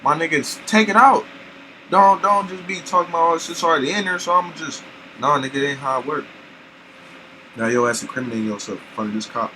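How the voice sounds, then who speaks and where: A man hosting a reaction video, talking loud and slangy as he argues back at the clip. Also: on the high side, fast talker, slight background noise, low-quality recording. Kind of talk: casual reaction commentary.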